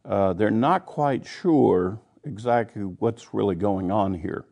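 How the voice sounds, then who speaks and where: A man's voice: lowish voice, slow, vocal fry, warm tone. A man teaching a Bible study, reading scripture passages aloud and then explaining them in plain, conversational terms.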